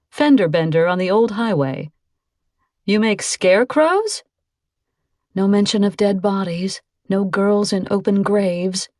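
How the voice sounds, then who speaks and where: A woman narrating an audiobook in a measured, suspenseful reading on a close microphone. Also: mid-range voice, a little mellow, no echo. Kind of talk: scripted narration.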